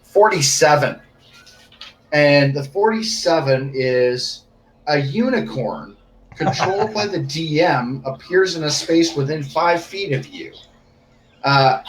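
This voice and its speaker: A man talking about his tabletop games in an eager, rambling way. His voice sits at an ordinary pitch. A faint hiss runs underneath. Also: echoey room, low-quality recording. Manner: excitable, rambling, laughs often. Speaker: game master. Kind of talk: casual chat with game designers.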